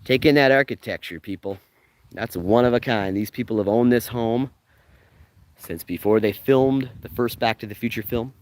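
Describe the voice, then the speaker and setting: Excitable man vlogging on a street walk. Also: mid-range voice, normal speed, no echo. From Canada. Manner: excitable, jokey, talks to viewers while walking. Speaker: vlogger giving a filming-location walking tour. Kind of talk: casual live-stream walking tour. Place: outdoors on a residential street.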